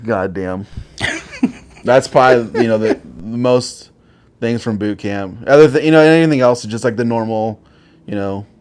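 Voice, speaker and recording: With a mid-range, slightly mellow voice and clean tone, this man in his forties is a veteran sharing war stories casually in an interview. He rambles, curses, and leans heavily on filler words.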